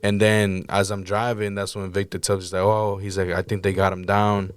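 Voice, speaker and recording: A man with a lowish, smooth and clear voice tells a story casually, swearing freely and acting out the moments when he shouted. His voice is recorded close and dry, with no room sound. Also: flat delivery, brisk, no room sound. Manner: blunt, profane, acts out his own shouting. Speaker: podcast guest recounting a crisis.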